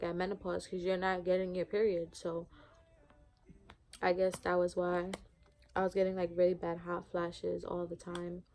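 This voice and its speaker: Young woman vlogger, lowish flat voice, chatty storytime ramble, lots of "like". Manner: rambling, heavy use of "like", candid. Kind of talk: casual storytime monologue.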